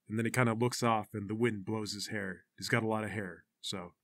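A man narrating as game master of a tabletop game, telling the story in a wry, deadpan way. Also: fairly low pitch, a little fast, hardly any pauses, no echo.

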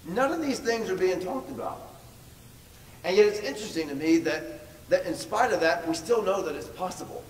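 A male pastor with a high-pitched, lively voice tells a story during a sermon at a moderate pace, stressing words by repeating them. He's recorded from far off in an echoey large church hall with faint noise.

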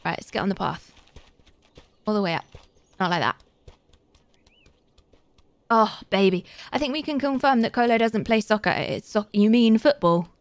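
A British woman streamer chatting casually as she plays, reading out chat and getting excitable. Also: mid-range voice, normal speed, long pauses, no room sound. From Britain. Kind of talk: casual gaming commentary.

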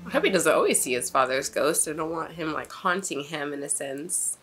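A woman hosting a casual reaction video, expressive and swearing freely as she reacts. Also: sits low, fairly quick, soft background music. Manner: expressive, swears, laughs often.

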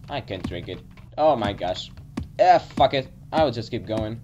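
A man's voice: lowish voice, expressive, moderate pace, dull audio, over music. Jumpy young man playing a horror game. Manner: jumpy and nervous, swears when startled, talks to himself. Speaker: gaming channel host. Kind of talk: horror game let's play commentary.

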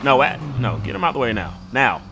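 A man playing a video game at home, commenting excitedly and shouting at the characters. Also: medium pitch, a little fast, over music. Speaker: gaming YouTuber. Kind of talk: let's play commentary. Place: home room.

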